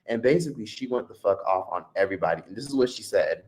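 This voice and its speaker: A man hosting a live stream, telling a profane, animated story in a casual rant. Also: fairly low pitch, quick pace. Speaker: streamer host. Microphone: streaming mic.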